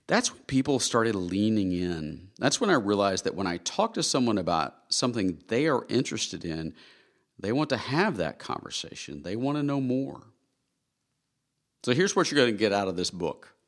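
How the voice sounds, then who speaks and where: A man's voice: lowish voice, very animated, normal speed. A man reading his own nonfiction book aloud in an earnest, conversational storytelling way. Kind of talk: scripted audiobook narration.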